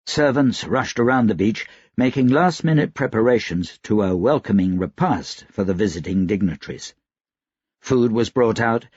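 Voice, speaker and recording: Brief: male audiobook narrator, husky gravelly low voice, measured read, dry dull recording. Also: darkish tone, dry recording. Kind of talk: scripted narration.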